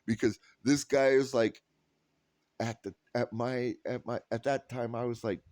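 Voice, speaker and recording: A man's voice: mid-range voice, unhurried, no echo. Laughing man telling a story. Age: 30s. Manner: animated anecdote telling, quoting others, laughs often; rambling with restarts and "like". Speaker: vlogger. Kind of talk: casual storytelling vlog.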